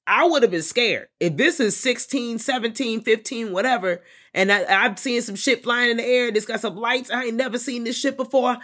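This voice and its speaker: A woman co-hosting a podcast, chatting casually about a film with expressive, exclaiming reactions. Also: on the high side, a little fast. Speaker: podcast co-host. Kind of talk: casual movie discussion chat.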